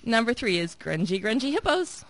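A woman's voice: on the high side, big pitch swings, normal speed, no echo. A woman co-hosting a radio program, joking and laughing through a list of silly items. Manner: laughs often, playful. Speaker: radio co-host. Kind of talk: jokey radio banter.

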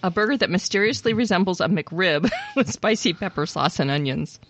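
A woman's voice: fairly low pitch, expressive, fairly quick, a bit bright, no room sound. A woman co-hosting a casual chat, reading out items with playful asides and frequent giggles. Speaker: podcast co-host.

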